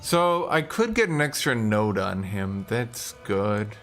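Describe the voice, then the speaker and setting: A man's voice: lowish voice, lively intonation, slow pace. A man streaming a video game, chatting casually with his viewers, frustrated and swearing now and then. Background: game music.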